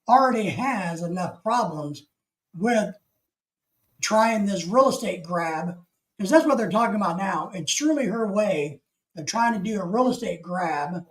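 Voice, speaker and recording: A man's voice: high voice, rough recording. A man from the United States hosting a casual live stream, rambling through opinions and reading chat comments aloud.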